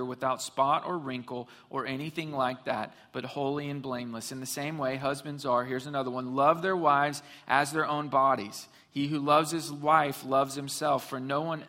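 Male pastor, bright forceful voice, humorous and emphatic sermon, echoing church hall. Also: mid-range voice, steady tone, moderate pace, few pauses. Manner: humorous storytelling, emphatic preaching. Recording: long hall reverb.

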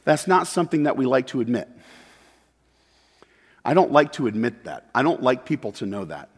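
A man preaching a sermon as pastor, moving between loud emphatic peaks and quiet, confessional asides. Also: mid-range voice, big pitch swings, normal speed, pauses often, husky. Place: church sanctuary. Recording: long hall reverb.

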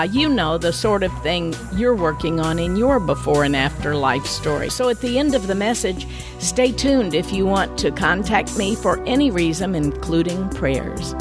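A middle-aged woman hosting a faith-based podcast, talking in an expressive, folksy storytelling manner. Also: medium pitch. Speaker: podcast host and speaker.

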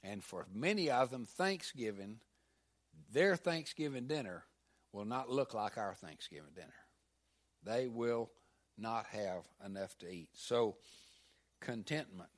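An older man preaching a sermon as pastor, animated, swinging between loud emphasis and hushed asides. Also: mid-range voice, a little slow, long pauses.

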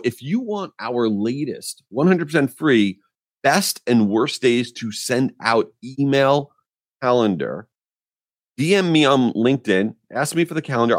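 Man, podcast host, animated rant, mid-pitched voice, dry sound. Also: normal speed, no room sound. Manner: animated, exasperated storytelling. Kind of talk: ranting monologue.

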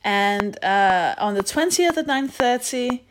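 A woman's voice: a little high, animated, takes it slowly, slight background noise. A woman hosting a podcast, reading out announcements in a playful, rambling, self-mocking way. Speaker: podcast host. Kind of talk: casual solo announcement.

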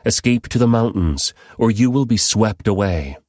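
A man's voice: on the low side, expressive, normal speed, darkish tone, dry recording, clean studio sound, voice pushed up. A man reading as a stern heavenly messenger. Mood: stern urgency. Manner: firm, urgent commands.

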